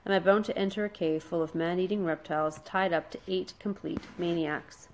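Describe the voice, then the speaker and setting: A woman's voice: on the low side, steady tone, a little fast, a little hiss or hum, lightly acted, poor audio. Fishlegs, a woman voicing a sarcastic boy. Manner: dry, sarcastic. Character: sarcastic squinting Viking boy. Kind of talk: storybook reading.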